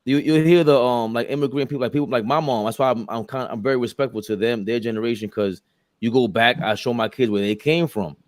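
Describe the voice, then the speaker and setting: A man with an ordinary mid-range voice, talking things through in a relaxed podcast conversation. He thinks aloud, hedges with fillers and agrees readily with the other speaker. The recording is dry and close. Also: mid-range voice, fast, no echo. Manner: reflective, agreeable, hesitant with fillers. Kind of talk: casual podcast chat.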